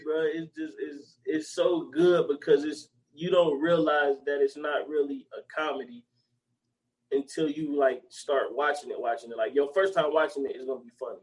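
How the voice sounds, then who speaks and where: A man's voice: a little high, steady tone, moderate pace, a little mellow, low-quality recording. A man co-hosting a podcast in casual chat, rambling and full of slang and repeated filler phrases. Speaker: podcast co-host.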